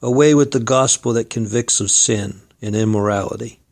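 Gravelly-voiced man preaching a sermon. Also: mid-range voice, moderate pace. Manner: earnest, exhorting, addresses listeners as friend and folks.

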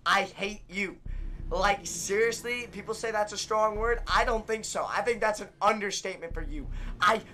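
A young man giving live commentary on his own gameplay, ranting and swearing in exasperation, swinging from shouts down to muttering. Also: high voice, normal speed, slight background noise. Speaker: gaming streamer.

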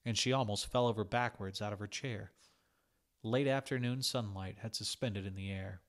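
A man reading a literary short story aloud in a calm, measured way. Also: on the low side. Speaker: reader.

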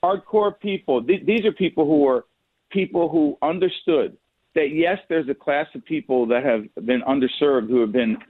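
A man appearing as a guest on a radio show, speaking earnestly and pressing his point in a measured way. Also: on the high side. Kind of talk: talk radio interview. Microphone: phone. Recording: tinny phone line, dry.

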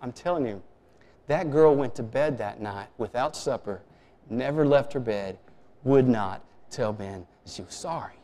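A man's voice: medium pitch, measured pace, dark tone. Man telling a sermon story in a church. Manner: storytelling, conversational, with many restarts. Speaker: preacher. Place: church sanctuary. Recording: long reverb of a church hall.

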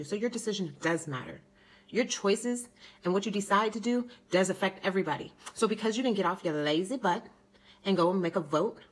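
A woman's voice: medium pitch, poor audio. A young woman vlogger delivering an indignant, sarcastic political rant to her camera. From United States.

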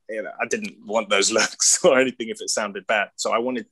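A man's voice: mid-range voice, fairly even intonation, brisk, a bit bright. A man in his thirties with an English accent, a guest talking in a casual, self-deprecating way and laughing often. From England. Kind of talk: casual chat.

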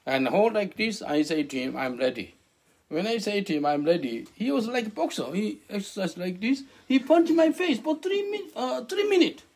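Animated husky male preacher, high voice. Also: moderate pace. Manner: animated, questions the listeners, broken English. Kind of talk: interactive sermon.

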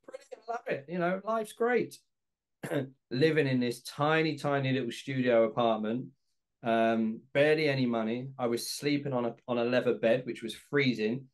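Reflective man telling his story. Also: medium pitch. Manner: candid and reflective, acts out phone calls. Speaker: podcast host. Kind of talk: personal storytelling.

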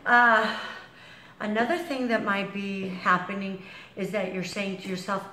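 A woman's voice: medium pitch, animated, unhurried, bright, forceful tone, slight background noise. A woman fitness instructor demonstrating a workout, counting reps aloud while exercising and getting out of breath. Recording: echoey room, far from mic.

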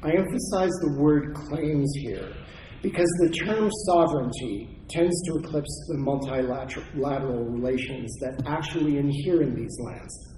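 A man's voice: medium pitch, expressive, a little slow, dark tone. Man giving a scholarly talk in an echoey hall. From Oregon, United States. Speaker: conference speaker, historian. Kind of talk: academic conference talk. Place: conference hall. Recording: echoey hall, faint noise.

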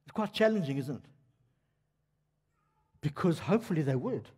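An older preacher, animated and conversational, who keeps putting questions to his listeners. His voice sits high and slightly raspy. It carries through a church hall with a long, echoing reverb. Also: moderate pace. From South Africa. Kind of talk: sermon.

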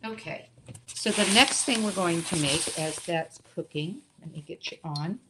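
A woman's voice: lowish voice, unhurried, roomy sound, heavy background noise. Chatty woman teaching a cooking class. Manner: chatty, talks while cooking, asides. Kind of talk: live online cooking demo. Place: home kitchen.

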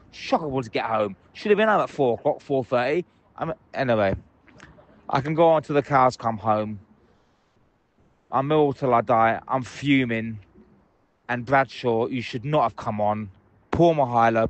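A man's voice: medium pitch, moderate pace. A man leaving angry voicemails, ranting and swearing passionately from a busy station. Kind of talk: phoned-in voicemail rant. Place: out in public, at a train station.

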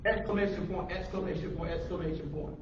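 A man preaching a call-and-response sermon to a congregation, animated and calling out questions for them to answer. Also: a little high, fast talker, slight background noise. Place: church hall with a congregation. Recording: echoey room from far off, dull lo-fi.

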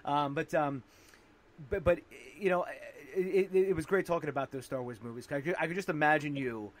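A man's voice: on the high side, brisk. A man hosting a podcast, bantering and laughing with his guest. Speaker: podcast host. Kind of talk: casual podcast interview.

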